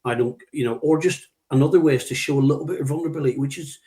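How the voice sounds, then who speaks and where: Emphatic mellow-voiced middle-aged man. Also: on the high side, racing. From United Kingdom. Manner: emphatic, repeats key words, acts out quoted speech. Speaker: leadership trainer, guest. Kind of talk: conversational interview, anecdotal.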